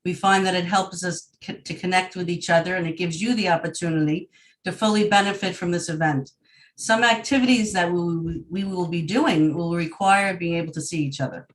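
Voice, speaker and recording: A woman's voice: fairly low pitch, brisk, recorded from a distance, low-quality recording. Brief: woman host with a Long Island accent, friendly and welcoming, on a video call, a bit off-mic. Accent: Long Island New York. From Long Island, New York. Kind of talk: online group event hosting.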